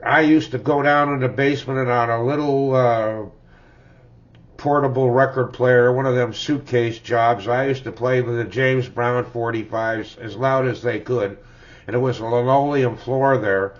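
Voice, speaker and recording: An older man, middle-pitched and relaxed, reminiscing through his record collection. He rambles, restarts and chuckles, and he ends his remarks with "eh?". The sound is dull and lo-fi, like a home recording. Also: normal speed. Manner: rambling, chuckling, tags lines with "eh?". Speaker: music collector vlogger. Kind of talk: casual reminiscing about records.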